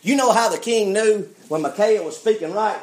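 A preacher with a high, ringing voice delivers a fiery sermon. He keeps turning to the congregation with "friend" and quick questions, and his voice echoes through the church. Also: darkish tone. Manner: preaching with call-and-response, repeats "friend" and "why?". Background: congregation calling amen.

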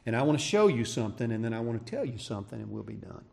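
A male pastor preaching a sermon, swinging between raised, emphatic cries and hushed, quiet passages. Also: medium pitch, very animated, racing, vocal fry. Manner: preaching with rising shouts and hushed drops.

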